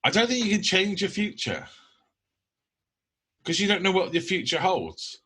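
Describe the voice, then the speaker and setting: A man's voice: high voice, sing-song, moderate pace, sharp tone, breathy edge. A young man from the UK, co-hosting a podcast in casual, blunt chat full of ums. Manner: blunt, rambling with many ums. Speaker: podcast co-host.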